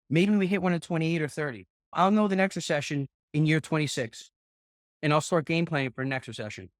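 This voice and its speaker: A middle-aged man coaching a group call on real estate investing, rambling and excitable, swearing often. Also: fairly high pitch, no room sound, studio quality.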